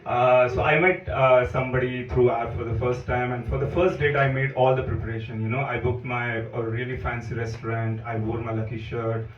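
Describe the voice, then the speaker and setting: Indian man in his thirties doing deadpan stand-up, mid-pitch voice, echoey club mic caught from afar, dull and noisy. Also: brisk, few pauses. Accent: Indian English. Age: 30s. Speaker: stand-up comedian. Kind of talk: stand-up comedy set. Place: comedy club room. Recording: echoey, dull room sound picked up from far off with noise. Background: audience laughter.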